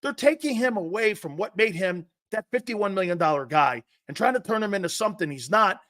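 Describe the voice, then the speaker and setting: A man with a high, piercing voice hosts a sports talk stream. He rants in a combative, sarcastic way, swears bluntly and hammers his points home by repeating them. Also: expressive, fairly quick, a bit bright, dry recording, clean studio sound. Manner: combative, sarcastic, reads and answers chat comments. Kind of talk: livestream sports rant.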